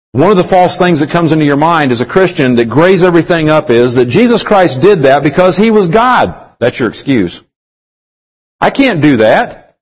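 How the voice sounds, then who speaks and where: A man preaching a sermon, reading scripture slowly with drawn-out emphasis and putting many rhetorical questions to his congregation. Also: medium pitch, poor audio.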